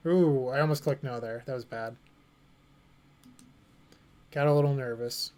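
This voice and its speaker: A man's voice: medium pitch, steady tone, unhurried, darkish tone. A young man streaming a card game, thinking aloud and joking with his chat in a casual way. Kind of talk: casual commentary while playing.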